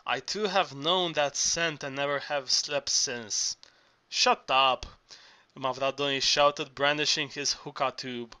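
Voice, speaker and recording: A man's voice: medium pitch, steady tone, unhurried, hardly any pauses, pushed and bright. A man reading an audiobook aloud, with frequent slips and restarts. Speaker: audiobook reader. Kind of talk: audiobook narration.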